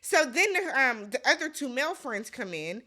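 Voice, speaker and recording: A woman's voice: sits high, very animated, normal speed, pushed and bright. A woman giving a blunt, exasperated casual recap commentary, talking straight to the viewer. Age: adult. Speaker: recap vlogger.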